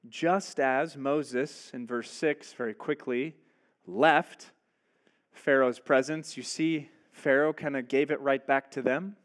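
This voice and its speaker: A man's voice: on the high side, fairly bright tone. A male pastor giving a conversational sermon, often asking his listeners rhetorical questions.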